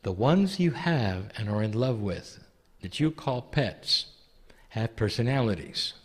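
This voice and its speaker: A man giving a channeled spiritual talk to an audience, speaking gently and addressing listeners as "dear one". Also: medium pitch, very animated, measured pace. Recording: long hall reverb.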